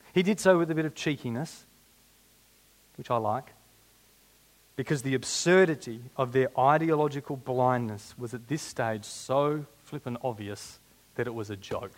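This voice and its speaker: A man preaching a sermon, animated and blunt, dropping in humorous asides. His voice sits at a middle pitch for a man.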